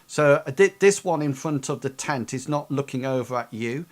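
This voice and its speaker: A man running a tabletop game as game master, describing combat with many pauses and restarts. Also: medium pitch. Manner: hesitant, full of ums and restarts.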